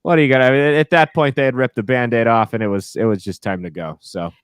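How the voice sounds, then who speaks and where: A man co-hosting a casual podcast, telling animated, profane stories full of restarts. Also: mid-range voice, fast, smooth, dry recording, clean studio sound. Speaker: podcast co-host.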